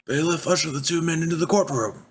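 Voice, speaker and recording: A man's voice: fairly high pitch, slightly rough, voice pushed up. A man voicing a formal male judge presiding over a trial. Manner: formal, brisk.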